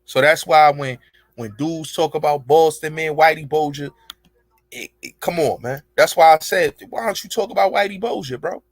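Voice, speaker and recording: With a slightly high voice at a moderate pace and no echo, a man hosts an online show. His casual monologue rambles emphatically, full of cursing and street slang.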